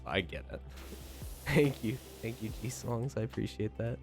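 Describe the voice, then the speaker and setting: A young man chats casually on a live stream, reading out viewer messages and thanking them as he goes. His manner is playful and jokey, and he laughs easily. Soft music plays faintly in the background. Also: fairly low pitch, expressive, unhurried. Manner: playful, joking, laughs often. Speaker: livestreamer.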